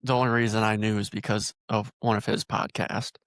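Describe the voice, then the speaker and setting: A man's voice: fairly low pitch, flat delivery, a little fast, fairly bright tone, no echo, clean studio sound. A man from northern Iowa hosting a podcast, teasing his guest in a joking, casual chat. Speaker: podcast host.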